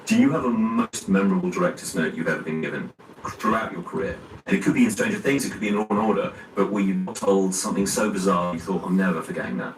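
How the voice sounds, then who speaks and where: A man's voice: low voice, fast. A man interviewing an actor, casual and jokey with wry asides. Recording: echoey room from far off with faint noise.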